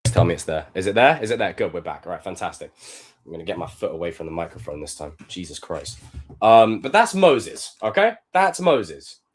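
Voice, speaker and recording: A young man live-streaming, reacting to film clips with animated, profane commentary and sudden loud outbursts. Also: low voice, fairly quick.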